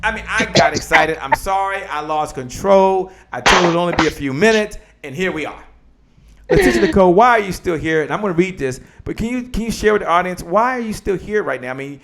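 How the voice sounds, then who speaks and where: Energetic man hosting a live motivational show. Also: sits high, a little fast, vocal fry, crowd noise. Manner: energetic, preacher-like call-and-response. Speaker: host. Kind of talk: live-stream motivational talk.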